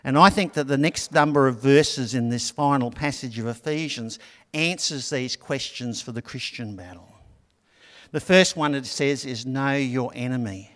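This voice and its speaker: A middle-aged man gives a sermon in a relaxed, storytelling manner with small asides. His voice is mid-pitched. A long reverb fills the church. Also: moderate pace. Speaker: pastor.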